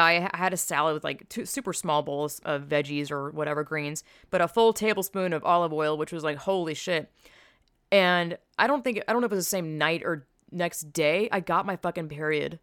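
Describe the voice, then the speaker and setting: This podcast host is a young woman with a low, slightly bright, clear and resonant voice, speaking at a normal pace. She rambles casually into a headset mic, swearing freely and wandering between tangents. It's a dry, studio-quality recording.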